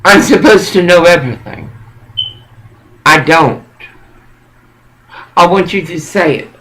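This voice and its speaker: A man giving a rambling, preachy monologue in an intense, halting way that circles back and repeats phrases. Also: high-pitched, pushed and bright, a little hiss or hum, poor audio.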